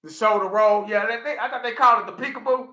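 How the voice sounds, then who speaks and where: Guy in his 40s rambling on a stream, high voice, echoey room, laughing a lot. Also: quick pace. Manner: animated storyteller, laughs often, talks to chat by name. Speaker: livestream host. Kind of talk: casual livestream chat.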